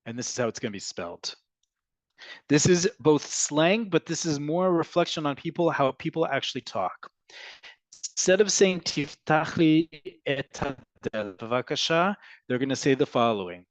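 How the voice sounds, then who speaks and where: A man's voice: a little high, normal speed, no room sound, low-quality recording. Man teaching Hebrew in an online class. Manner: explanatory, animated, answers questions as they come in.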